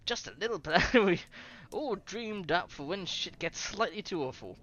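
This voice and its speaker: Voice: medium pitch, lively intonation, moderate pace, a bit bright, muffled recording, a little hiss or hum, natural voice. A streamer voicing a cheeky, slangy London woman with a put-on London accent, reading a visual novel aloud. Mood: playful. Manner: teasing, slangy, affectionate. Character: cheeky London woman, Charlotte's affectionate companion.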